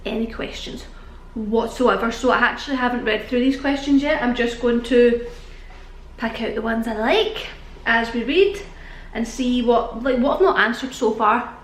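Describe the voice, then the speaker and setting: A woman's voice: on the high side, normal speed, a little hiss or hum. Breathless chatty British woman vlogger. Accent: British English. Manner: chatty, rambling, laughing often. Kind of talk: casual chat to camera. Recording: echoey room.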